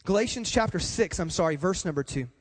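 A male pastor with a very high voice preaches to his congregation, stressing points by repeating them. His words ring out with long reverb in a church hall. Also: expressive, fast talker. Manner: repetitive, emphatic, addresses the congregation. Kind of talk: sermon.

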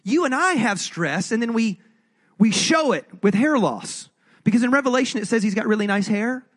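A man's voice: extremely high pitch, animated, moderate pace. A male pastor giving a sermon in a conversational, jokey way, often asking the audience questions.

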